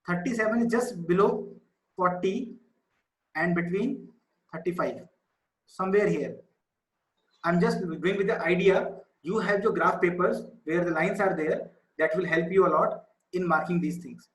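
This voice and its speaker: In an echoey room, a man with a high voice teaches at a measured pace. He patiently walks students through a maths lesson over a video call, repeating the key numbers as he goes.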